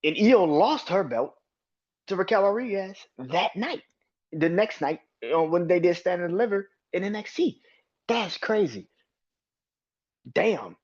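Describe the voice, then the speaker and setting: A man's voice: high-pitched, big pitch swings, measured pace, pauses often, a little mellow, highs cut off. A man hosting a solo wrestling podcast, ranting with heavy swearing and exasperated rhetorical questions. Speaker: podcast host.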